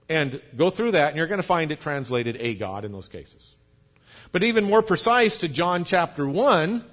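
A pastor preaching a sermon, explaining patiently, spelling out words, with light jokes for the congregation. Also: male voice, fairly high pitch, a bit bright. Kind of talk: sermon teaching.

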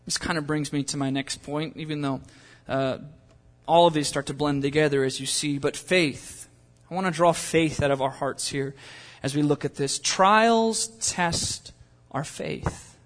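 A man's voice: on the high side, fairly even intonation, normal speed, long reverb tail. A man preaching a sermon in a conversational way, building to impassioned pleas. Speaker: pastor.

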